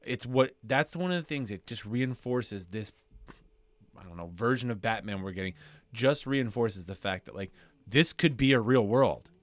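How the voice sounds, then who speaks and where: A man's voice: medium pitch, moderate pace, dry recording. A man co-hosting a podcast, bringing the news in blunt, profane, opinionated casual chat. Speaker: podcast co-host.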